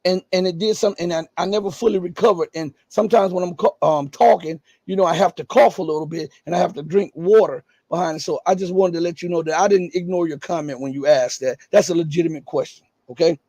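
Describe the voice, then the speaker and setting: A middle-aged man with a scratchy, raspy voice, giving emphatic live news commentary full of rhetorical questions. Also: sits high, fast talker, few pauses, dark tone, no room sound.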